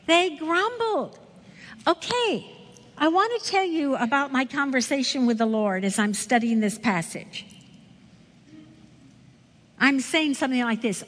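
A woman teaching a women's Bible study, expressive and asking her listeners questions. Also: high-pitched, unhurried, long pauses. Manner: expressive, asks the audience questions. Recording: echoey hall with long reverb.

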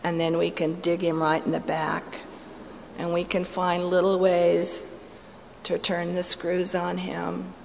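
A middle-aged woman giving a sermon-style personal testimony, storytelling with swings from playful to hushed and intense. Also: lowish voice, monotone, slow, vocal fry, slight background noise. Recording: long hall reverb, faint ambience.

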